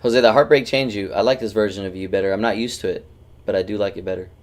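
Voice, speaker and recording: A man's voice: lowish voice, steady tone, fast talker. A man streaming a game, chatting casually and teasing his friends with loose, swearing banter. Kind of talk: casual gaming stream chat.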